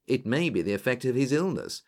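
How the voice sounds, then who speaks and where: A man's voice: medium pitch, very animated, brisk, a little mellow. A man voicing an earnest middle-aged male police inspector in a storybook reading.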